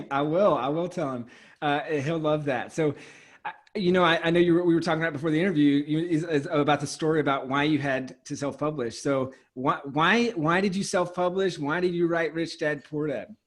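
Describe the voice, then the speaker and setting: A young man hosting an interview podcast, his voice a bit higher than most men's. He sounds eager and stumbles into restarts and fillers as he poses his questions. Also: steady tone, normal speed. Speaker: podcast host.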